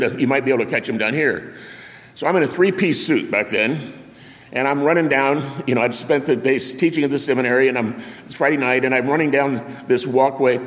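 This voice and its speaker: An older male preacher of middle pitch, telling a story from the pulpit and bringing it to life with sound effects and quoted voices. His voice carries a long reverb, as if spoken in a big church sanctuary. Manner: animated anecdote with sound effects and acted-out quotes. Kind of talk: storytelling sermon. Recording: long reverb of a large hall.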